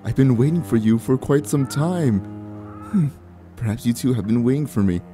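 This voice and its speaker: Old witch woman, as a man puts her on, sly, hushed, teasing, warm mellow tone. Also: medium pitch, lively intonation, moderate pace, soft background music, lightly acted. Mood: cryptic. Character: cryptic old female witch, sly and menacing. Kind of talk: voicing game dialogue.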